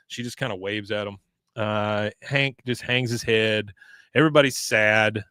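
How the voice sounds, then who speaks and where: A man's voice: on the low side, a little slow, clean tone, dry recording. A man co-hosting a podcast, casually recapping a cartoon episode and acting out the characters' lines. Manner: retells scenes with animated quoted voices. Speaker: podcast co-host.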